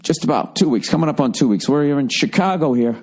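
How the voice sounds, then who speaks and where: Hoarse, ranting Boston comedian man. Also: a little high, fast. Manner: profane, ranting, animated storytelling. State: hoarse, voice worn out. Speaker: comedian podcast host. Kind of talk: rambling podcast monologue.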